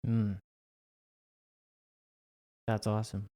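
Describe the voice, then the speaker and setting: A man interviewing his wife on their podcast in a relaxed, teasing way. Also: fairly low pitch, very slow. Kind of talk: casual interview chat.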